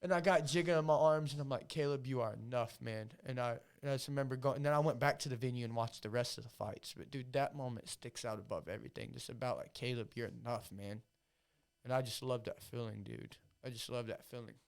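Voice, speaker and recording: A man's voice: medium pitch, fast, vocal fry, few pauses. Emotional, profane male podcast guest. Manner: emotional, profane, repeats himself. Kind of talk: casual podcast chat.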